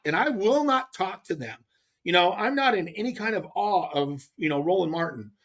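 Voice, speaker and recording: Middle-aged man, podcast guest, tells stories with lots of pitch swing, laughs, restarts. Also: slightly rough. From US West Coast. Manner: lively, laughing, repeats words when excited. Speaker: podcast guest, pro angler. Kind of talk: animated storytelling in casual chat.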